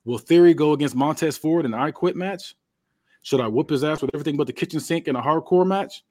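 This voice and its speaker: A man's voice: a little high, fast talker, a little mellow, no echo, clean studio sound, lightly acted. A man voicing a brash, trash-talking male wrestling champion, boasting in an improvised promo. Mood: cocky. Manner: cocky, boastful trash talk.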